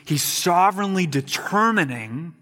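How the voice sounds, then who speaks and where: A man preaching a sermon in an emphatic way, repeating words and dropping to quiet asides. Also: sits high, lively intonation, unhurried, big-room sound. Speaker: pastor.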